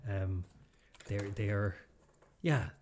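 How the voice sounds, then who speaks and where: A man's voice: fairly low pitch, extremely slow, a little mellow, slight background noise. Rambling Irish man telling a story. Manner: rambling storyteller, many restarts and fillers. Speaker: podcast co-host. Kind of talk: casual chat.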